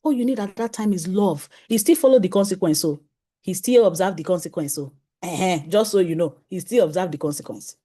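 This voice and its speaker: A woman gives a conference talk to parents as a parenting coach. She speaks in an animated way, chuckles often, and acts out exchanges with her family. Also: fairly low pitch, fairly quick, breathy edge.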